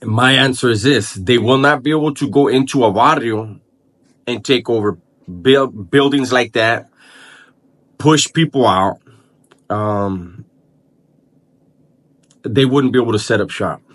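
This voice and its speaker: A man speaks straight to his channel's viewers in a loose, unscripted way. His voice sits at an ordinary mid pitch for a man. He often stalls, repeats a word and starts over while he works through his thoughts. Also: fairly bright tone. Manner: halting, repeats words and restarts while thinking aloud. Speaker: channel host. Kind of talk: casual vlog commentary.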